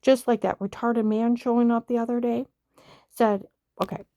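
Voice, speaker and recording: A woman's voice: a little high, steady tone, normal speed, mellow, no echo, studio quality. A woman delivering an angry personal monologue, indignant and emphatic, who says she stutters when upset. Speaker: vlogger.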